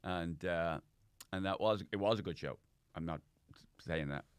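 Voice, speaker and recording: A man's voice: sits low, a little slow, smooth, dry recording. A man, a comedian guest, telling rambling anecdotes with lots of restarts in a casual chat.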